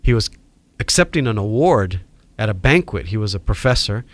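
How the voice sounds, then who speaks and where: A middle-aged man from Hawaii with a Hawaiian accent, telling animated stories as a podcast guest. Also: fairly low pitch, moderate pace. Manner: animated storyteller acting out quoted voices. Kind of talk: storytelling in a podcast interview.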